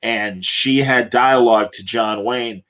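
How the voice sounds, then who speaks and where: A man's voice: mid-range voice, steady tone, slow, bright, forceful tone. Rambling trivia-loving man on a podcast. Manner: rambling, self-correcting, trivia-heavy. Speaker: podcast co-host. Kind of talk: casual podcast chat.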